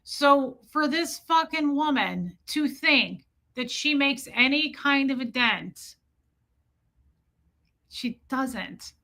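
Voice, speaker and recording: A woman's voice: high voice, animated, slow, vocal fry, sharp tone. A middle-aged woman hosting a livestream, talking bluntly and defiantly, with frequent swearing. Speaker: livestream host. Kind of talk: casual livestream talk.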